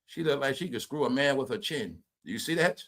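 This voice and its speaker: A man hosting a profane gossip commentary stream, loud and mocking, repeating phrases and laughing at his own jokes. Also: mid-range voice, lively intonation, brisk. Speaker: commentary channel host.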